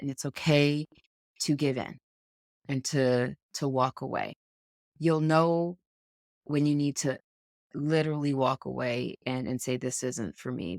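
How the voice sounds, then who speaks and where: A woman's voice: a bass voice, no room sound, studio quality. A woman co-hosting a sports podcast, talking in an earnest, encouraging, coach-like way. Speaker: podcast co-host. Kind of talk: casual podcast chat. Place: indoors, podcast recording.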